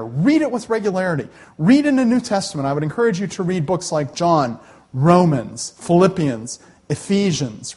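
A middle-aged man delivers a sermon from the front of a church sanctuary. His voice sits a little high and carries a husky, breathy edge. He talks in a folksy, animated way and drops easy jokes to the congregation. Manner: folksy, animated, joking asides. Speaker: pastor. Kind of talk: conversational sermon.

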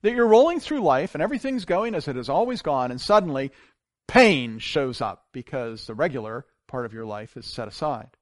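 A man preaching a sermon as pastor, telling stories with big swings from loud to hushed. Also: mid-range voice, moderate pace, dry recording, clean studio sound. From grew up on a farm. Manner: animated storytelling with wide swings in loudness.

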